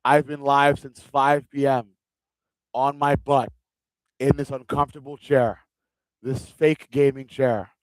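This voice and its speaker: A man's voice: medium pitch, flat delivery, slow pace, long pauses, dry recording, poor audio. A man giving casual, rambling live commentary on a fight stream from a gaming chair, often repeating himself. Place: seated in a gaming chair at home.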